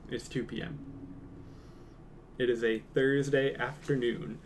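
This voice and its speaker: Young man, casual joking chat, mumbles at times, mid pitch, faint background noise. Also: little pitch movement, a little slow, pauses often. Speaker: streamer. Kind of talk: casual chat reading stream comments.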